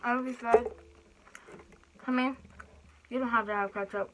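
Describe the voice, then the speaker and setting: A woman's voice: a little high, steady tone, normal speed, a little hiss or hum. A young woman chatting and laughing while she eats on camera for her vlog. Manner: chatty, giggly, talks while chewing. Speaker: mukbang vlogger. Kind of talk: casual eating vlog.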